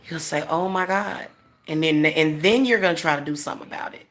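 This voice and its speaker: A woman's voice: deep voice, racing, noisy background. A woman hosting a casual livestream as a spiritual reader, talking straight to her viewers in an emphatic, repetitive way and chuckling often.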